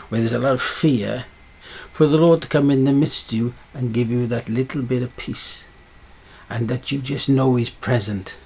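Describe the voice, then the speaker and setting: Gravelly, husky male preacher. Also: mid-range voice, darkish tone. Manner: emphatic, repeats rhetorical questions. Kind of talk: sermon.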